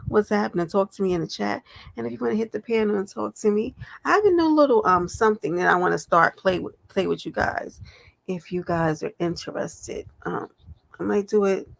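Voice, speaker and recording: A woman's voice: mid-range voice, fairly quick, creaky. A woman hosting a casual live stream, talking straight to her viewers in a chatty, affectionate way. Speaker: livestream host.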